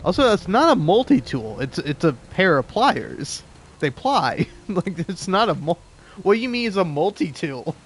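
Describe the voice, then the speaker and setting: Brief: twenties male let's-player, East Coast American accent, slightly high voice, profane and rambling, faint background noise. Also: big pitch swings, normal speed. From southeastern United States. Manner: rambling, profane, full of restarts. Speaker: let's play host. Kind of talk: casual gameplay commentary.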